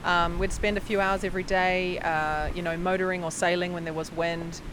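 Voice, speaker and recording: A woman narrating a travel vlog in a relaxed, chatty way with many fillers. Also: on the low side, fairly quick, noisy background. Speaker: travel vlogger.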